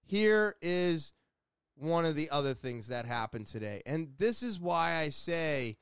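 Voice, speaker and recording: A man's voice: on the high side, very animated, a little slow, fairly bright tone, clear, resonant tone, no room sound, studio quality. A man talking in a rambling, earnest, self-deprecating way in a casual video chat from a small room at home. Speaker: vlogger.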